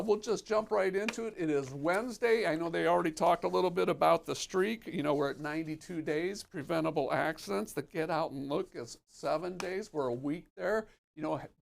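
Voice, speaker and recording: A man's voice: high-pitched, brisk, creaky. A man hosting a company live stream's safety segment, talking in a folksy, plain-spoken, upbeat way.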